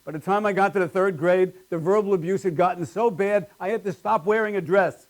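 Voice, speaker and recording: A man's voice: high voice, a little fast. A man doing a live stand-up routine with wry, self-deprecating punchlines on a small comedy stage.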